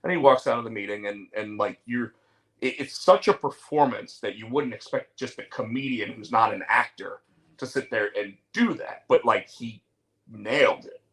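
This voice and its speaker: A man's voice: medium pitch, normal speed, fairly bright tone, rough recording. A man hosting a casual talk show, telling stories with lots of fillers and restarts. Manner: rambling storyteller, many fillers and restarts. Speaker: show host. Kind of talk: casual chat.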